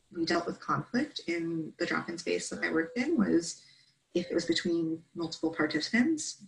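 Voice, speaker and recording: A woman's voice: on the low side, vocal fry, low-quality recording. A woman presenting a training session, explaining steps in an instructive way and checking in with "right?" often.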